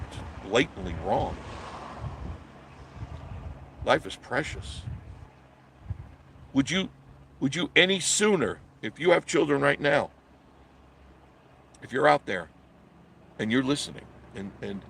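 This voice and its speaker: A man's voice: mid-range voice, gravelly, noisy background. A man hosting a live stream, delivering a blunt, preachy monologue and answering viewer comments.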